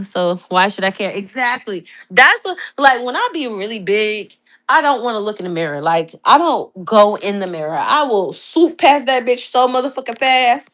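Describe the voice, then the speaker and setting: A woman's voice: a little high, sing-song, moderate pace. Profane, laughing young woman chatting. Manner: loud, profane, laughing storyteller. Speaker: podcast host. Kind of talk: casual chat.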